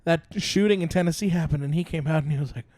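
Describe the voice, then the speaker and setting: A man's voice: on the high side, fast, darkish tone, dry recording. A man co-hosting a comedy podcast, riffing crude jokes in casual banter. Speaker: podcast co-host.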